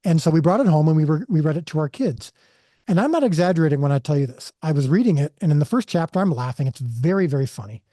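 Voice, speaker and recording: A man's voice: fairly high pitch, lively intonation, fast talker, dark tone, no room sound, clean studio sound. A man guest on a podcast interview, telling a personal story earnestly and with animation, often restarting his sentences. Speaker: filmmaker guest.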